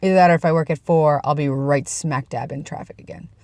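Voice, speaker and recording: A man's voice: on the high side, fairly even intonation, fast talker, darkish tone, no echo. A young man vlogging in a casual, rambling way, with self-deprecating asides, talking from his workplace. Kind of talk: casual chat.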